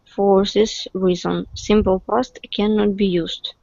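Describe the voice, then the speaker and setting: Gravelly woman reading. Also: mid-range voice, level tone, a little mellow, no echo, lo-fi sound. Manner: reads aloud haltingly. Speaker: student.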